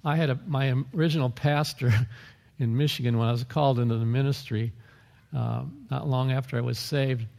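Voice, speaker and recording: Male pastor, mid-pitched gravelly voice, chatty sermon delivery, reverberant hall. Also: steady tone, normal speed, darkish tone. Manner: conversational preaching with asides and chuckles.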